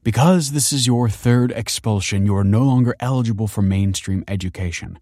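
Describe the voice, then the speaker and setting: A man's voice: fairly low pitch, brisk, warm tone, no echo, clean studio sound, natural voice. A man reading a story aloud and voicing a stern woman school principal who speaks in a formal, officious way.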